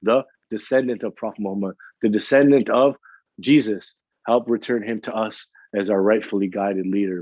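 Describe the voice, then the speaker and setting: A man's voice: on the low side, steady tone, normal speed, no room sound. A man giving an emotional religious lecture at a mourning gathering, repeating his phrases and building in intensity. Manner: emotional, repetitive and rising in intensity. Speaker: majlis speaker. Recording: dull lo-fi sound.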